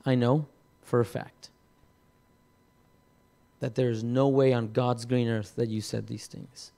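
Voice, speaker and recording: A man preaching, telling a personal story in a halting way, with many repeated words and restarts. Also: medium pitch, flat delivery, gravelly, dark tone. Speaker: pastor. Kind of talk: sermon testimony.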